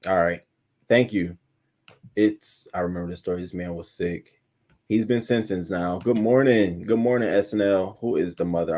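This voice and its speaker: Blunt, deep-voiced male stream host. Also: darkish tone. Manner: blunt, profane, reads viewer comments aloud. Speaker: live-stream news commentary host. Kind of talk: casual live-stream chat.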